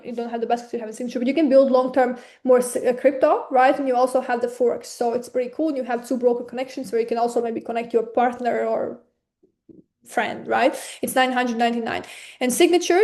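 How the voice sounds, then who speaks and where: Lady w/ non-native accent doing a webinar sales pitch, upbeat and personal, kinda high voice. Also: a little mellow. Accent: non-native English. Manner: eager, persuasive, personal. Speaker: webinar presenter.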